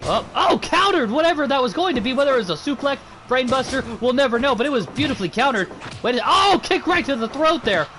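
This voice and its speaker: Excitable high-voiced male wrestling commentator. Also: fast talker, soft background music. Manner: excitable, exclamatory. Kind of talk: play-by-play commentary.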